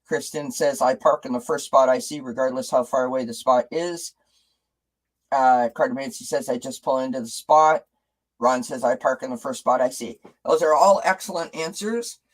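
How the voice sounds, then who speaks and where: A man's voice: mid-range voice, normal speed, poor audio. A man hosting a casual live stream, chatting with viewers, reading out their comments and asking them rhetorical questions, often restarting his sentences.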